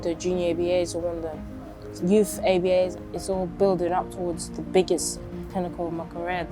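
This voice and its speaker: A woman's voice: lowish voice, fairly quick, over music. A woman, casually telling her own story in an interview. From London, England. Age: 20s. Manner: casual, chatty, acts out quotes lively. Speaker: interviewee, boxer. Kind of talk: reflective personal storytelling.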